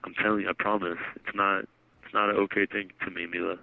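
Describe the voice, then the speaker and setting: A man speaking from jail on a phone call, in a low, subdued and apologetic way. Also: little pitch movement, fast talker, vocal fry, no echo. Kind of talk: personal phone conversation. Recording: tinny recorded phone line.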